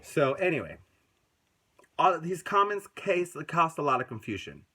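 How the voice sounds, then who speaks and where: A man giving angry, profane commentary in a casual video, ranting and swinging between loud bursts and soft asides. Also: a little high, very animated, measured pace, slightly rough.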